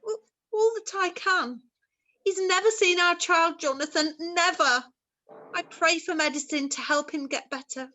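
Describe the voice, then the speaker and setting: A woman's voice: extremely high pitch, a little slow, bright, forceful tone, heavily acted. A woman playing a ghostly young mother who speaks in archaic thee-and-thou language, earnest and pleading, in an amateur stage drama. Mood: troubled.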